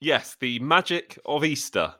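A man in his late twenties, co-hosting a casual podcast and telling stories in a wry, deadpan way. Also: on the high side, a little slow. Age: late 20s. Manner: wry, deadpan storytelling with lively ups and downs. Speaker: podcast co-host.

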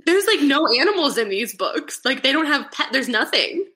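A young adult woman, a podcast guest in casual chat, animated and giggly, with lots of fillers. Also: high voice, normal speed.

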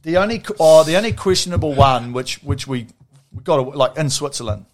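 A man's voice: a little high, animated, fairly quick. A man with a New Zealand accent telling stories in casual chat, rambling and laughing often.

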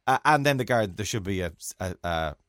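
A man's voice: lowish voice, expressive, a little fast, fairly bright tone, dry recording, clean studio sound. An Irish man co-hosting a casual chat, teasing and often restarting his sentences. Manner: chatty, stumbling restarts, teasing. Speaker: podcast co-host.

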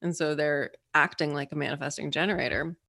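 A woman as an interview guest, explaining ideas in a lively, playful way. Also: sits low, fairly quick, creaky, no room sound, studio quality. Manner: animated, playful storyteller. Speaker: guest explaining personality types. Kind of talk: casual interview talk.

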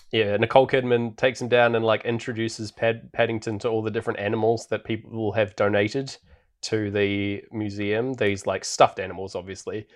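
A man co-hosting a podcast, recapping a film in a relaxed, rambling way with plenty of fillers. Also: on the low side. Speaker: podcast co-host. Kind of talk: casual film recap chat. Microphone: podcast microphone.

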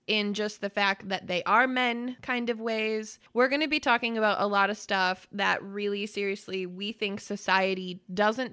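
Bright, playful woman podcast host. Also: medium pitch, clear, resonant tone. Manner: playful, upbeat, goofy asides. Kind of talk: casual chat.

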